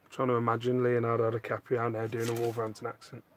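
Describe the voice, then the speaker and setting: A man chats casually on a live stream, reading viewer questions aloud and making jokes at his own expense. His voice sits at an ordinary middle pitch. The recording is close and dry, with little room sound. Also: completely flat delivery, fast, no echo. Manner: jokey, self-mocking, reads out comments. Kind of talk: casual chat. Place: home loft.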